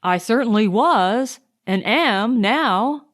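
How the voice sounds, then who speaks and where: A woman voicing an impulsive, exasperated young gentleman in an audiobook, speaking with vehemence. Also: fairly high pitch, expressive, takes it slowly. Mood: vehement. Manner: vehement, half angry.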